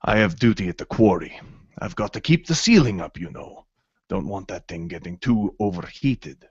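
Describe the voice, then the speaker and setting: A man's voice: low voice, expressive, normal speed, a little mellow, breathy edge, no echo, lo-fi sound. A man voicing a dutiful male tavern barkeep who speaks plainly and matter-of-factly. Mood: reluctant.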